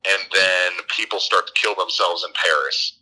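Low-voiced man with a sharp, bright edge. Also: normal speed, low-quality recording. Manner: rambling, profane, jumps into squeaky character voices. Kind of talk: casual comic movie recap.

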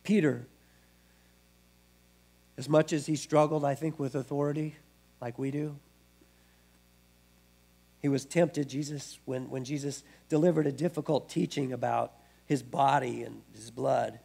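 Gravelly male pastor preaching. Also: mid-range voice, fairly even intonation, unhurried, pauses often, dark tone. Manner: conversational preaching with frequent restarts. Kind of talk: sermon.

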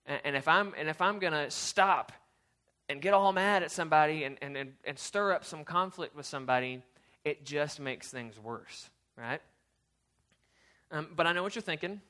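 A youth pastor giving a casual, storytelling sermon, chatty and animated, with lots of fillers and restarts. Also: male voice, fairly high pitch, normal speed.

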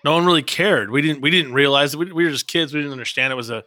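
A man's voice: on the high side, rapid-fire, sharp tone, no room sound. A man co-hosting a podcast, chatty and profane, reflecting casually. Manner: chatty, profane, laughing asides. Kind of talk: casual chat.

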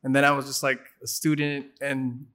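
A man hosting a relaxed interview, talking in an easygoing way that repeats words as he rambles. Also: mid-range voice, moderate pace. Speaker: interviewer host. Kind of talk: casual interview chat.

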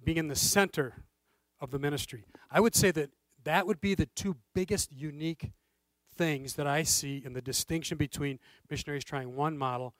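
A man giving interview answers in a measured, explanatory way. His voice sits a little high for a man. The recording is dry and close, with almost no room sound. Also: no echo, poor audio. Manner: measured and explanatory, checks in with "okay?". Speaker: interview guest.

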